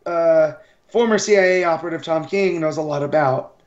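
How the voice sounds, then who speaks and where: A man co-hosting a casual comic podcast, enthusiastic and halting. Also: on the high side, a little mellow, reverberant, dull audio. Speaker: podcast co-host. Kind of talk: casual chat.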